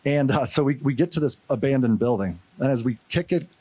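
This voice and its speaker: A man's voice: mid-range voice, a little fast, breathy edge, no echo. A man from St. Louis speaking at a conference, telling a story with energy and acting out the voices of the people in it. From St. Louis, USA. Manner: animated, acts out quotes. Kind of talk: storytelling keynote talk.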